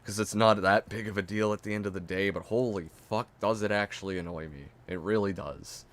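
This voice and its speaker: A man's voice: on the low side, fairly quick. A man with a Canadian accent doing profane, exasperated reaction commentary on stream. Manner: exasperated, profane, loud mocking outbursts.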